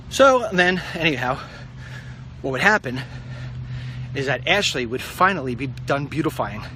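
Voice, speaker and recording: A middle-aged man rambling in a casual vlog while out walking, a bit out of breath, with sudden excited outbursts. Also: a little hiss or hum. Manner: animated, jumps into high excited outbursts. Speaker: vlogger.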